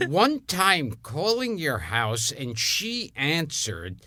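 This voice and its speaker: A man, hosting and telling a story in a loud, animated, mischievous way. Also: on the high side, extremely slow, no echo, studio quality. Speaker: host. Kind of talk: casual storytelling chat.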